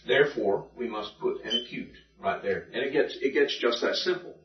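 A man's voice: medium pitch, moderate pace, recorded from a distance. A male teacher explaining accent rules to a class step by step, in a patient classroom manner. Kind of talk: classroom Greek lesson. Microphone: far from the mic. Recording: dull, echoey classroom recording from afar.

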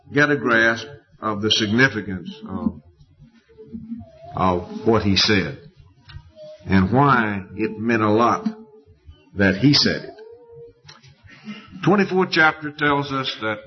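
A man preaching a sermon in a slow, deliberate way with emphatic rises. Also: medium pitch. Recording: dull lo-fi recording.

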